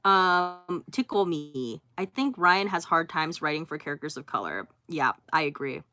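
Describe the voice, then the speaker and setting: A woman's voice: low-pitched, animated, normal speed, pushed and bright, no echo, clean studio sound. A young woman hosting a casual livestream from her phone, reading out viewer comments and answering each one briefly, with laughs and fillers. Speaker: livestream host.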